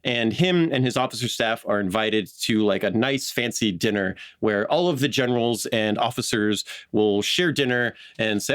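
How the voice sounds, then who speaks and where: A man's voice: fairly low pitch, moderate pace, few pauses, a bit bright, clear, resonant tone, no echo, studio quality. A man co-hosting a casual history podcast, telling the story with chatty asides, fillers and laughs. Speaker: podcast co-host.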